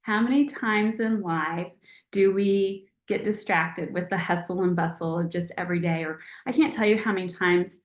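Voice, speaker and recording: A woman leading a motivational team call over a video call in a chatty, encouraging, animated way. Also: fairly low pitch, normal speed, reverberant. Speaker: team leader hosting a call.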